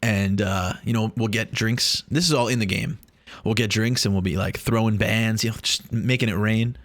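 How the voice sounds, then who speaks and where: A man's voice: on the low side, steady tone, normal speed. A man vlogging in a casual, rambling way, joking and swearing as he talks to the camera. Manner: rambling, joking, profane, many restarts.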